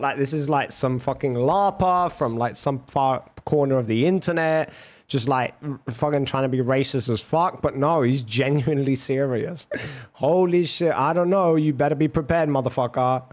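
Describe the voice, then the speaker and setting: A man with a mid-range, darkish voice speaks at a normal pace while hosting a debate on a livestream. He chats casually, with plenty of swearing, laughter and rambling banter.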